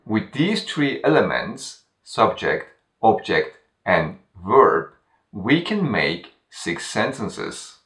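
A man narrates a scripted grammar lesson at a slow, careful pace and repeats each example twice. His voice sits fairly low. The recording sounds roomy, with the mic set back from him. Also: big pitch swings, fairly bright tone, recorded from a distance. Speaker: language teacher.

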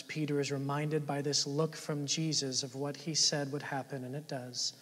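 Male pastor, sermon, high voice, animated and conversational, echoing church hall. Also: normal speed, few pauses. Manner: swings between loud emphatic lines and hushed, near-whispered ones; animated, conversational preaching with rhetorical questions. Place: church sanctuary. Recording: long church-hall reverb.

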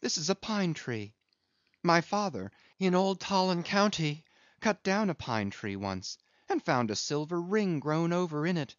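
A man's voice: fairly high pitch, no room sound, pitched above the performer's own voice. A man reading aloud as a crazed young male cabin boy who rambles in singsong chants. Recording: dull lo-fi dry recording.

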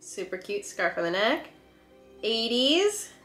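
A woman's voice: a little high, big pitch swings, slow pace, a bit bright. A woman hosting a casual reaction video, gushing and gasping with delight at each clip. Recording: echoey room with faint music.

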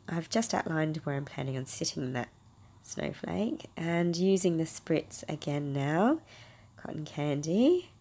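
A low-pitched woman talks through a crafting tutorial. Her voice is raspy and gravelly from a cold. She chats warmly and gushes over each colour she uses. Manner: chatty, gushing over colours. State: hoarse from a cold. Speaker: craft video host.

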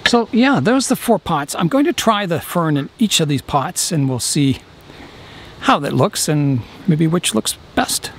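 A man casually explaining his bonsai work as he goes, relaxed and thinking aloud with a few fillers. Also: fairly high pitch, measured pace, a little hiss or hum. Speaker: bonsai hobbyist vlogger. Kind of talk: casual how-to narration.

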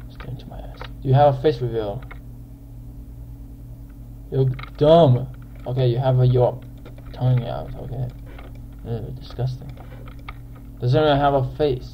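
A young man giving casual gameplay commentary as a channel host, excitable and quick to yell in frustration at other players. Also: medium pitch, muffled recording, a little hiss or hum.

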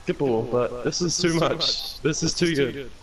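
A man gaming and chatting with friends, loud, swearing and bursting out. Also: mid-range voice, measured pace, poor audio. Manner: loud, swearing, laughing outbursts. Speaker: gamer. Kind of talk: gaming chat banter. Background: video game crowd noise.

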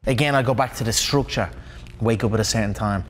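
A man with an Irish accent, answering interview questions in a relaxed way, listing items with fillers. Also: fairly low pitch, fast talker. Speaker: interviewed athlete.

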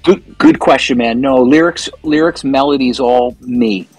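A man, a guest musician, chatting casually in an interview and telling animated stories in a loose, profane way. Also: mid-range voice, measured pace, no room sound, soft background music, poor audio.

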